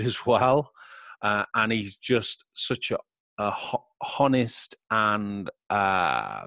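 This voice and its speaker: Chatty male podcast host, jokey, a bit low-pitched, close and dry. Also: no room sound. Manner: chatty, jokey, laughs loudly. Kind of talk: casual podcast chat.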